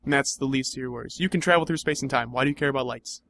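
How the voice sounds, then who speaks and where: A man's voice: medium pitch, racing, fairly bright tone. A young man in improvised comedy banter, dry, skeptical and argumentative.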